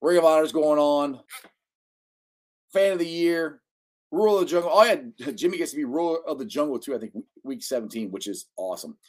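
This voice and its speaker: A man hosting a casual sports podcast, chatty and excitable, laughing often. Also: on the high side, brisk. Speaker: podcast host.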